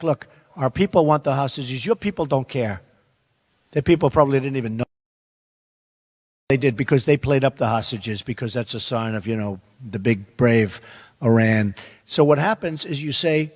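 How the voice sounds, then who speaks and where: At a campaign forum, an older male candidate responds to questions in a fairly high-pitched voice at moderate pace, the audio carrying a big-room sound. Emphatic and repetitive, he keeps wandering off into asides.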